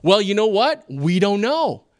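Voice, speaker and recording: A man preaching a sermon in an expressive, teaching manner with rhetorical questions. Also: high voice, unhurried, no room sound, clean studio sound. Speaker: pastor.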